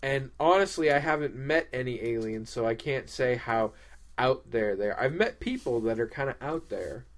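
Deadpan joking male podcast host. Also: mid-range voice, moderate pace. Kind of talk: casual chat.

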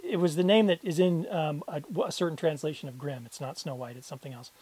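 A woman's voice: low voice, fast, warm tone, husky. A woman co-hosting a podcast in a casual chat, rambling with restarts. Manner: rambling, frequent restarts and laughs. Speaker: podcast co-host.

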